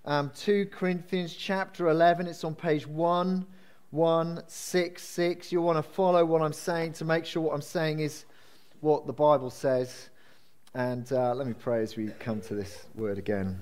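A man's voice: on the high side, steady tone, measured pace, darkish tone, smooth. A man preaching a sermon in a conversational, self-deprecating storytelling way with frequent fillers. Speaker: pastor.

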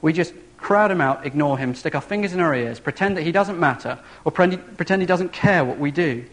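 A man preaching a sermon, telling a story in an animated, vivid way. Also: a little high, fairly quick.

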